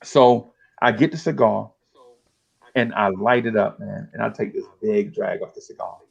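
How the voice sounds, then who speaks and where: Speaking at a moderate pace, the middle-aged host has a lowish voice that is creaky and slightly rough, captured on a muffled recording. His casual podcast talk is all street stories and slang, told with energy as he acts out the lines of old friends.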